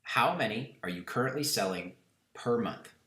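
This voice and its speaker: A man giving a recorded online lesson in an instructive way, repeating key questions slowly and deliberately. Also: medium pitch, expressive, bright, forceful tone, reverberant. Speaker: course instructor.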